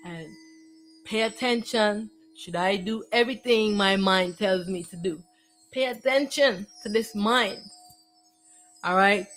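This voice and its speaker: A woman's voice: mid-range voice, slow, a bit bright, faint music behind, poor audio. A woman giving a repetitive, declamatory spiritual monologue. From Jamaica. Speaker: spiritual teacher.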